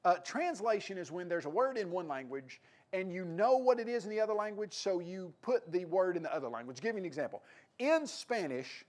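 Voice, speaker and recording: Man, Tennessee accent, preacher, sermon, high-pitched, animated. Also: brisk. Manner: animated, acts out God's lines in a raised voice.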